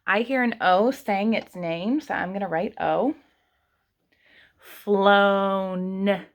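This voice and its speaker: A young adult woman teaching an online kindergarten writing lesson, sounding out words slowly and patiently for young children. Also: mid-range voice, expressive, vocal fry. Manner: slow, sounding out words step by step.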